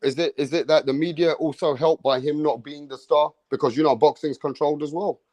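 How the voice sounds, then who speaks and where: A man's voice: on the high side, steady tone, brisk, darkish tone, dry recording. A man, co-hosting a casual boxing chat and asking questions that seek agreement.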